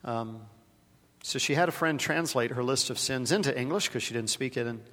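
A man preaches a sermon with dramatic swings, rising to loud emphasis and then dropping to a near-hush. He repeats words when he is stirred. His voice carries a long reverb through a large worship hall. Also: medium pitch, moderate pace. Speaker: pastor.

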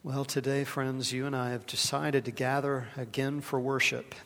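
A male pastor preaching a sermon, moving from loud, stressed phrases to quiet, hushed ones and doubling words when he gets stirred. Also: medium pitch, level tone, normal speed. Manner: dramatic, swings from loud emphasis to hushed softness. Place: large worship hall. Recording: long hall reverb in a worship space.

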